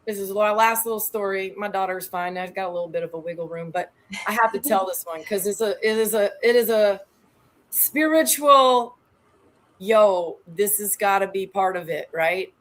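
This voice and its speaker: A woman in her thirties, a guest telling lively stories in a slangy, animated way with loud excited peaks. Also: medium pitch, moderate pace. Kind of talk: casual storytelling on a show.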